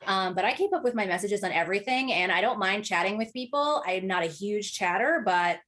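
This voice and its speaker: A woman's voice: medium pitch, expressive, fairly quick, a bit bright. A woman guest on a podcast, chatting casually with a dry, sarcastic streak. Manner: sarcastic, easygoing. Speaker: guest, online content creator.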